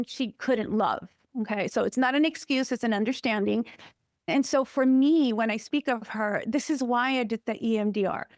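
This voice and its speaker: A woman counselor talks as a podcast guest, emphatic and expressive as she tells personal stories. Her voice sits somewhat high, and the sound is dry and close with no room echo. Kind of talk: personal conversational interview talk.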